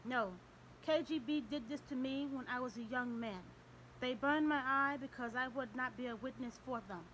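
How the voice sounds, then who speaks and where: A woman's voice: sits high, moderate pace, fairly bright tone, slight background noise, rough recording. A woman reading the part of a stern, elderly male Russian priest who speaks tersely and formally in an audiobook. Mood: bitter. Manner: terse, formal, ignores questions.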